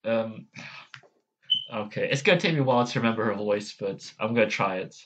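A man's voice: fairly low pitch, a little fast, lo-fi sound, background noise. A man hosting a casual vlog, hesitant and self-deprecating as he tries out character voices. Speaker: channel host.

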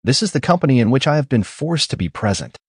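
A stiff, indignant gentleman, heated, formal, husky, dry. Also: mid-range voice, sing-song, fast talker, dry recording, voice pushed up. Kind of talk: audiobook character reading.

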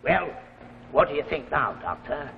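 An actor playing a genial, chuckling retired old professor with failing eyesight, in a live 1950s TV drama. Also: male voice, a little high, expressive, normal speed, gravelly, a little hiss or hum. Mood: genial musing. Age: older. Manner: chuckling, theatrical, musing. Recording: dull 1950s TV audio in a reverberant set.

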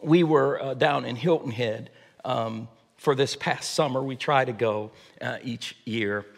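A man preaching a sermon as pastor, with a high voice, often restarting his phrases. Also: measured pace, creaky. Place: church sanctuary. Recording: long church reverb.

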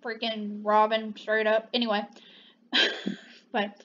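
A woman's voice: mid-range voice, completely flat delivery, slow, highs cut off, a little hiss or hum. A young woman, chatting casually and gushing playfully as a movie reviewer on her own channel.

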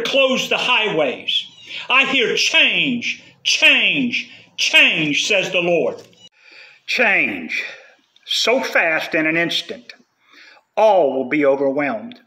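Slow, lively-pitched man proclaiming prophecy. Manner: solemn, chanting repetition of declarations. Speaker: prophetic speaker. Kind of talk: delivering a prophetic word.

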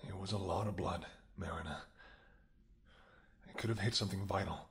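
A man voicing a protective male bodyguard who is anxious and tender toward his lover, in a soft, gently scolding whispered role-play. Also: deep voice, steady tone, moderate pace, natural voice. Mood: worried. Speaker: voice actor.

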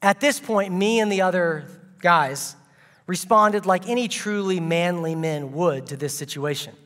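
A man's voice: sits high, a little slow, a bit bright, long reverb tail. A man preaching a sermon as a guest speaker, telling a funny story with playful asides and comic timing.

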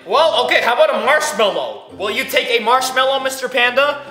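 A man hosting a playful toy unboxing vlog, teasing and pleading with a toy in an animated way. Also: extremely high pitch, a little fast, few pauses. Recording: echoey room with background music.

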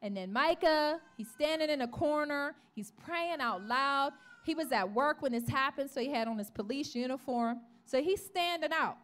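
A woman preaching a sermon testimony to a church, telling her story in an animated way and calling out to the congregation. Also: sits high, normal speed, few pauses. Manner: calls out to the congregation.

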